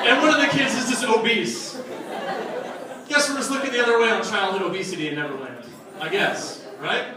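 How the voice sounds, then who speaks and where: A man's voice: extremely high pitch, background noise. A young man performing a stand-up comedy set, telling loose, profane stories with asides to the audience. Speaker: stand-up comic. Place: comedy club stage. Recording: echoey club sound from a distant mic, crowd laughter. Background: audience laughing.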